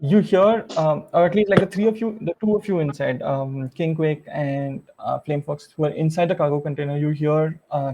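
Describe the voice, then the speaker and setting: A man's voice: on the high side, vocal fry, warm tone, dull audio. A man narrating a tabletop game as game master, rambling with many fillers and restarts.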